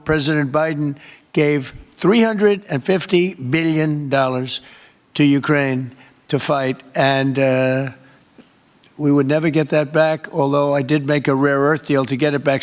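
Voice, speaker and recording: An older man in a press Q&A answering reporters in a rambling, repetitive and emphatic way. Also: a little high. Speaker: head of state answering press questions.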